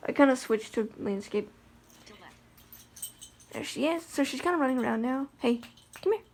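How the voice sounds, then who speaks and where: Gravelly, slightly high-voiced woman vlogger. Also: expressive, normal speed, a little hiss or hum. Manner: chatty and rambling, many fillers and restarts. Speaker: vlogger with a guide dog. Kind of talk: casual vlog chat.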